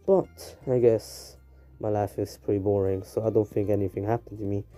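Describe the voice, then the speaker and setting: A man voicing a listless, depressed teenage boy ninja in a fan story, in a flat and weary way, with soft faint music behind. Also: on the low side, moderate pace, close to an everyday voice.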